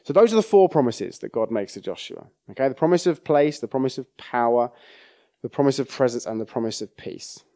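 A man delivers a sermon in a relaxed, chatty way, often turning to his listeners for agreement. His voice is mellow and warm, at an ordinary middle pitch. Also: a little fast. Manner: conversational, checks in with the audience often. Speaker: preacher.

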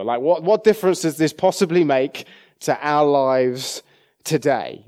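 A man's voice: on the high side, measured pace, a little mellow. A man preaching a sermon in a conversational way, often checking in with his listeners.

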